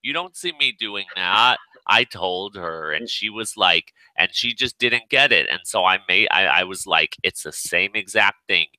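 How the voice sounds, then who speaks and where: Bright-voiced tired man venting. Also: low-pitched, a little slow, hardly any pauses, no echo, low-quality recording. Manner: venting, swearing, exasperated rambling. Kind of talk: casual chat.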